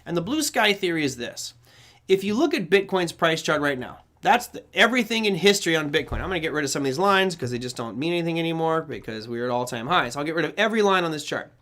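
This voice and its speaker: A man's voice: a little high, lively intonation, fast talker, a bit bright. A man hosting a live trading show, giving rambling market commentary, correcting himself often and acting out the voices he quotes.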